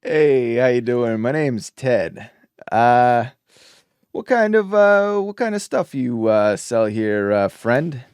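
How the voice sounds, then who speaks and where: A man voicing a chummy con man who pitches fake goods with halting, filler-heavy patter. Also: big pitch swings, a little mellow, clear, resonant tone, no echo, clean studio sound. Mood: friendly. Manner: chummy, hesitant salesman patter. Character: smooth-talking human con man selling fake water.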